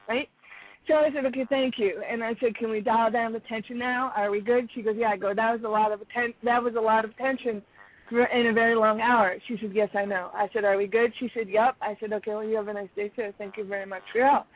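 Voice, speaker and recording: A woman caller telling a story in a casual, animated way, acting out the dialogue and laughing often. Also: on the high side. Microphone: phone. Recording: tinny phone line.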